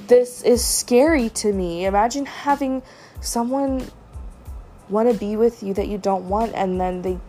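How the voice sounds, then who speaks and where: A woman's voice: fairly high pitch, dark tone. Woman venting about a bad date. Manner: upset, venting, with frequent fillers. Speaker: podcast host. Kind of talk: personal storytelling monologue.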